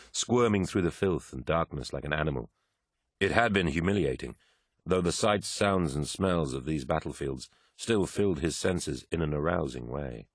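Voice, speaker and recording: A man narrating an audiobook in a measured, dramatic way. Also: rumbling low, no room sound, clean studio sound. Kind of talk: scripted narration.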